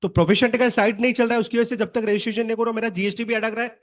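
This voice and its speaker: A man with an Indian English accent, an audience member raising a problem in halting, explanatory talk, mixing Hindi and English. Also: very high-pitched, flat delivery. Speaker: audience member asking questions.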